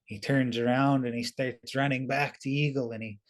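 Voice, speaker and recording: A man at a middle pitch tells an old story over a video call. He talks in a relaxed, conversational way and leans often on casual fillers. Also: moderate pace. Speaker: storyteller and webinar presenter.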